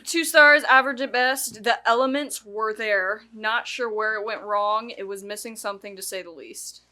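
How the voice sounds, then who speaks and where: A woman's voice: medium pitch, moderate pace, bright, forceful tone. A woman co-hosting a casual movie podcast, reading out reviews and laughing often. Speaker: podcast co-host.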